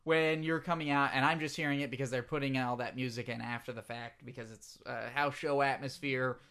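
Rambling English podcast host. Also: male voice, medium pitch, steady tone, a little fast, gravelly, fairly bright tone, clean tone. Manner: rambling, hesitant, lots of fillers. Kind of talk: comedy podcast interview.

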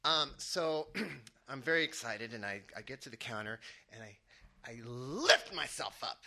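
Bright, animated male storyteller. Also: mid-range voice, unhurried. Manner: animated, chuckling through his own story. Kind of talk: personal storytelling to an audience.

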